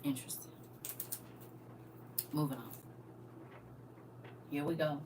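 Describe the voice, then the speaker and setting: This woman's voice is low-pitched and unhurried as she reads scripture on a casual livestream, commenting in a preachy style packed with rhetorical questions. Her delivery swings from loud to soft, and the distant recording carries background noise.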